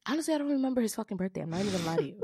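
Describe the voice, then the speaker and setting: A young adult woman on a podcast, telling a personal story in blunt, swearing, animated casual chat. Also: mid-range voice, racing, breathy edge, no room sound, studio quality. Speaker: podcast co-host.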